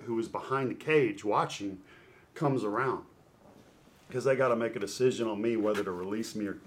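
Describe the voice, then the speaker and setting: A middle-aged man, a former ballplayer and podcast guest, telling an animated story. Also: medium pitch. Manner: animated storyteller who acts out scenes. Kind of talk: storytelling interview.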